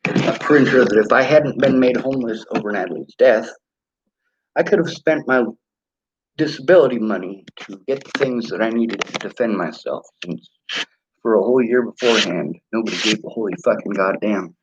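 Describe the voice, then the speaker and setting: A vlogger with a fairly low voice and normal pace tours his cluttered small apartment while delivering an angry, profane monologue, blunt and aggrieved. It's filmed on a handheld phone camera, giving a dull lo-fi recording with background noise.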